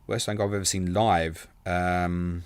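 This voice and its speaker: A very low-voiced young man runs a live stream, answering chat questions in an easygoing, self-mocking way. The sound is dry and close, with no room around it. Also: little pitch movement, smooth, dry recording. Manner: casual and quick, calls viewers mate, self-deprecating. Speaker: fantasy football stream host.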